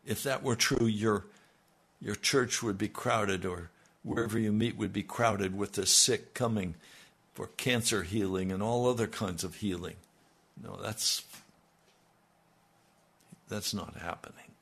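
Older male radio pastor, low-pitched and gravelly, slow earnest delivery. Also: a bit bright. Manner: slow, earnest, dropping to near-murmurs. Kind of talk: radio sermon.

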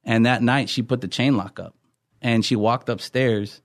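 A man's voice: medium pitch, steady tone, normal speed, dry recording, studio quality. A middle-aged man, a pastor, earnestly telling his life story in a podcast interview, often restarting his sentences.

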